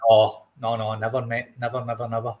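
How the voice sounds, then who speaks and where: A man's voice: medium pitch, completely flat delivery, brisk, darkish tone. A young Scottish man co-hosting a podcast, talking football bluntly and casually. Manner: blunt, says mate a lot. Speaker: podcast co-host.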